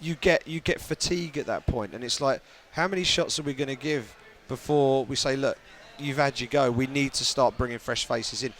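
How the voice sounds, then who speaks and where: A man's voice: medium pitch, normal speed, few pauses, a bit bright, slight background noise. A man from the UK, a journalist guest in a casual podcast chat, talking thoughtfully and often restarting his phrases.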